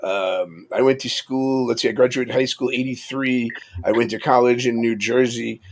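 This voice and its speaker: A man's voice: medium pitch, steady tone, moderate pace, a little hiss or hum. A man in his fifties with a New York accent, chatting casually and rambling on a live stream. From Long Island, New York. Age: 50s. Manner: rambling and chatty, laughs often. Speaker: livestream host. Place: upstairs room with covered window.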